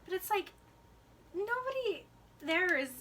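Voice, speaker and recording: A woman podcast co-host chats about a book in a giggly, sarcastic way, stressing her words with plenty of emphasis. Her voice is high and bright. A faint noise runs under the recording. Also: expressive, unhurried. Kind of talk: casual chat recapping a book.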